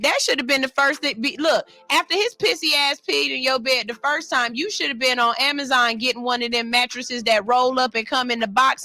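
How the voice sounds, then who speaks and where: A woman radio host, reading a listener's story aloud and reacting with sassy, animated commentary in a studio. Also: high voice, dry recording. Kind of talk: casual radio chat reading a listener post. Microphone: studio mic.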